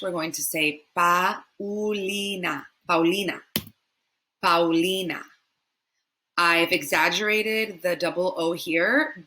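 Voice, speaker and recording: A young woman teaching pronunciation in a language lesson, repeating each word slowly several times. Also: lowish voice, bright, forceful tone. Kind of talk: slow, repetitive language lesson.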